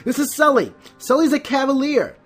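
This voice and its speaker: A Let's Play host giving casual gameplay commentary, often stumbling, restarting words and filling pauses with "um". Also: high-pitched, very animated, soft background music.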